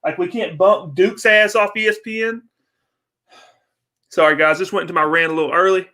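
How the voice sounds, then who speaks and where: A man's voice: high voice, fairly even intonation, moderate pace, bright, forceful tone. A young man hosting a casual livestream, ranting and swearing in frustration while chatting with viewers. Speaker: livestream host.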